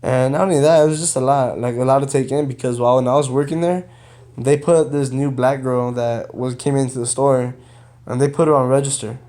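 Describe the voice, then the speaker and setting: Young adult man, casual vlog storyteller, animated retelling with slangy asides. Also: mid-range voice, brisk. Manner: animated retelling, quotes others, frequent "bro" and "you know". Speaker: vlogger telling a personal story.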